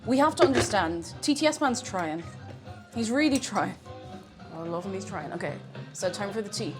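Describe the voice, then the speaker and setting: A woman chatting bubbly and excitably on a livestream while cooking, now and then breaking into shouted cheers. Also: mid-range voice, moderate pace, music in the background. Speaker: streamer.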